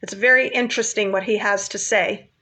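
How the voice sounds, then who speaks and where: A woman's voice: mid-range voice, fairly even intonation, fairly quick, sharp tone. A woman casually retelling a Bible story in a chatty, informal way, with asides to her viewers.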